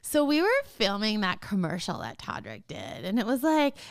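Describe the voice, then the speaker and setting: A woman's voice: mid-range voice, wildly swooping pitch, normal speed. A middle-aged woman chatting as an interview guest, bubbly and laughing often as she tells stories. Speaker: guest, dance mom. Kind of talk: casual interview chat.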